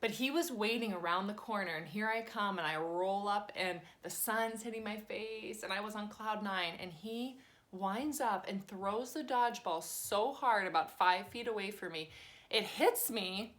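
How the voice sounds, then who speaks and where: A woman in her thirties, a teacher, telling a personal story in a chatty, animated way and acting out the voices of the people in it, at a cozy home. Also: medium pitch, moderate pace.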